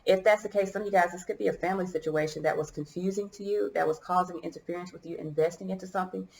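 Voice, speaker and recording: Gravelly low-voiced woman reading tarot cards. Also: steady tone, quick pace, roomy sound, low-quality recording. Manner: musing, hesitant, thinks aloud with many restarts. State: choked up, coughing. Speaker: tarot reader. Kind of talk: casual tarot reading to viewers.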